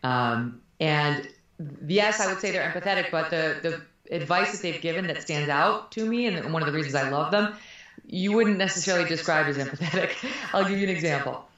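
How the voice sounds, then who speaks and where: With lo-fi sound and heavy echo from the room, a middle-aged woman speaks fairly quickly in a low, animated, fairly bright voice. She is a candid interview guest who talks frankly and laughs frequently.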